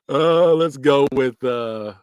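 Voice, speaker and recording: A man's voice: medium pitch, no room sound, clean studio sound. Laughing man reacting on a podcast. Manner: laughs often, animated and joking. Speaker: podcast host. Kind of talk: casual reaction commentary.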